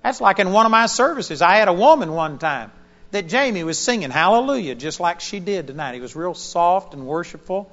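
A male pastor preaching a sermon, an animated storyteller with sudden loud bursts. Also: high-pitched, brisk, dull audio.

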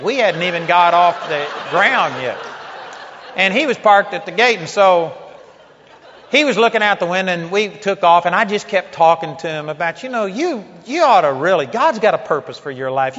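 A male preacher telling a story in a sermon, acting out the voices and laughing often. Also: fairly high pitch. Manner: animated storyteller, acts out quotes, laughs often. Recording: dull lo-fi recording in a big hall.

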